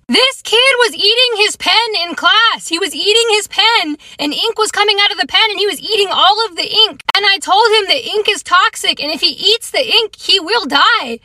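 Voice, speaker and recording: A woman with a high, bright voice tells a school-days story in a sarcastic, exasperated tone. The sound is dry and close, with no room around it. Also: no room sound. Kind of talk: storytime monologue.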